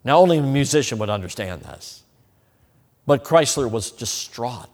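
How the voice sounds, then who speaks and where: A man preaching an evangelistic sermon with an altar call, emphatic and swinging between loud and hushed delivery. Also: mid-range voice, lively intonation, moderate pace. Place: church sanctuary. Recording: long hall reverb.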